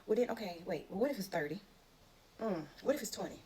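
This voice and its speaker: A woman's voice: medium pitch, expressive, quick pace, warm tone, slight background noise, lightly acted. A woman playing an anxious, earnest old man who keeps pleading and bargaining.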